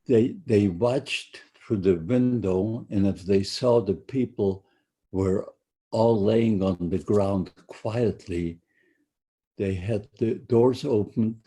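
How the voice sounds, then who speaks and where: An older man giving personal testimony to students, halting and often repeating or restarting his phrases. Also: fairly low pitch, dark tone, slightly rough. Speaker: Holocaust survivor speaker.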